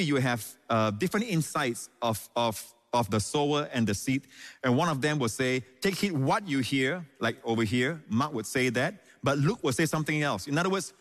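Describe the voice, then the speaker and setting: A man preaching from the pulpit in a mid-pitched voice. He stresses his lines, repeats them for weight, and calls out hallelujah between points. The sound rings with the long reverb of a large hall. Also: fairly bright tone. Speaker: pastor. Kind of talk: sermon.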